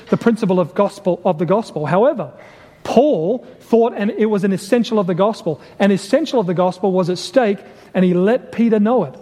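A man preaching a sermon, deliberate and emphatic, repeating key phrases and asking rhetorical questions. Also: sits high, warm tone. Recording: long hall reverb.

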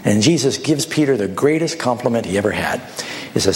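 A man's voice: medium pitch, a little fast, slight background noise. A man preaching a sermon, telling stories and acting out the dialogue in changing voices. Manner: animated storytelling, acts out dialogue with shifting voices.

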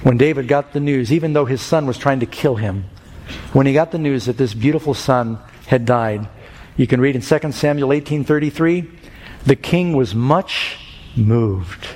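A man's voice: mid-range voice, brisk, a little mellow. A man preaching an evangelistic sermon, earnest and telling stories that build to fervent peaks. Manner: earnest, rising to fervent climaxes in storytelling. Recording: music and long hall reverb.

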